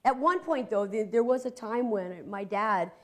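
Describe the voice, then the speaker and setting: A woman from Ohio, a guest in casual conversation, telling stories with lively energy and frequent laughter. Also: fairly high pitch, normal speed. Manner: animated storyteller, voices quotes, laughs a lot. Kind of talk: casual chat, storytelling.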